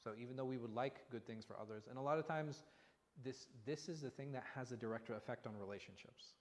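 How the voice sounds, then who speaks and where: A man's voice: medium pitch, quick pace. A man leads a conversational religious lesson as an imam, often tossing rhetorical questions at his listeners. His voice sits in a middle register. It carries a long reverb, recorded in a mosque hall. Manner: animated, asks rhetorical questions. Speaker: imam teaching a class.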